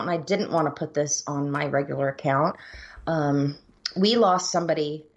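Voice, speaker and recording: A woman co-hosting a casual podcast, blunt and earnest, with casual swearing. Her voice sits on the low side and the recording sounds dull and lo-fi. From Florida, USA. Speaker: podcast co-host. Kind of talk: casual chat.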